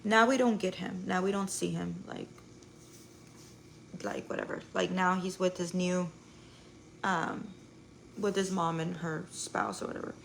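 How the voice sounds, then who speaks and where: A woman's voice: lowish voice, steady tone, a little slow, vocal fry, long pauses, fairly bright tone, slight background noise, low-quality recording. A young woman telling a rambling story to her live viewers, full of "like" and swearing. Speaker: live streamer.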